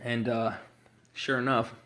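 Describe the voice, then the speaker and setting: A man's voice: mid-range voice, flat delivery, slow, fairly bright tone. A man candidly telling his own addiction recovery story, rambling and swearing freely as he acts out what people said.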